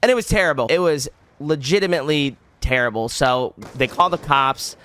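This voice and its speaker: A young man tells a story straight to his audience, his voice bright and crisp. He rambles and restarts, packing in "like" as he talks in a loose, animated way. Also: a little high, normal speed. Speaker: vlogger. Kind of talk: casual storytelling.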